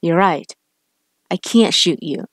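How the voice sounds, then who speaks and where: A woman's voice: lowish voice, expressive, slow, no echo, studio quality. A woman doing a tough male detective. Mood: urgent commanding. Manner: urgent, commanding.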